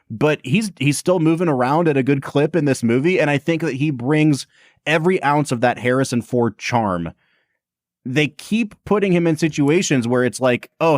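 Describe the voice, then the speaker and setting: Animated podcast co-host man. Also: medium pitch, no room sound, studio quality. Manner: animated, laughs often, puts on quoted voices. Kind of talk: casual film review chat.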